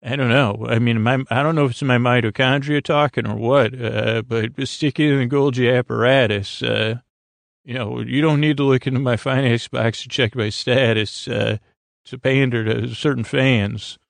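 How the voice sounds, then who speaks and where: Gravelly, meandering sleep-podcast man. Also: medium pitch, fairly even intonation, normal speed, no room sound. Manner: meandering, goofy, full of fillers and restarts. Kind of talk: rambling bedtime monologue.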